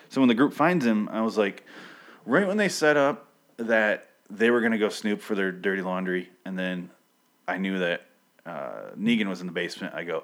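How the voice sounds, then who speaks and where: A man's voice: on the low side, normal speed, fairly bright tone. A man casually recapping a TV episode, rambling and profane, often correcting himself mid-sentence.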